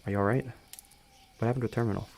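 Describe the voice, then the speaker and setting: A man reading the lines of a gentle young man who talks a frightened friend through her panic in a storybook reading. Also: lowish voice, steady tone, very fast, gravelly. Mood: soothing. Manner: soothing, reassuring.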